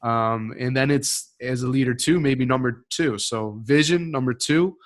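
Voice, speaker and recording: A man's voice: medium pitch, unhurried. A man cohosting a live leadership Q&A, giving upbeat, motivational advice in numbered points. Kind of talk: live Q&A conversation.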